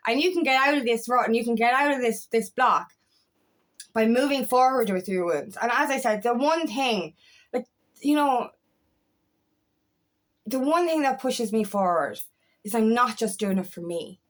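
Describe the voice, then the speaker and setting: A woman's voice: fairly high pitch, expressive, moderate pace, pauses often. Fiery, swearing woman coach. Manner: fiery, swears often, repeats herself. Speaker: empowerment coach. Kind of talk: impassioned motivational monologue.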